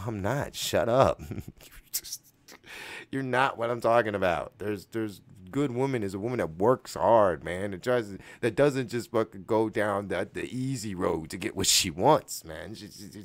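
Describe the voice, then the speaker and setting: Animated swearing radio host, shouting and muttering. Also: male voice, on the low side. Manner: slips into a mock English accent. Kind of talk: solo podcast rant.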